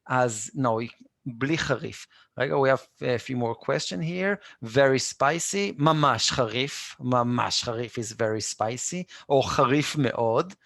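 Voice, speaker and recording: Israeli man teaching slowly, gravelly voice. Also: mid-range voice, fairly bright tone, no echo, studio quality. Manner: patient, repeats words slowly, answers students by name. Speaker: Hebrew teacher. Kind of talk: live online language lesson.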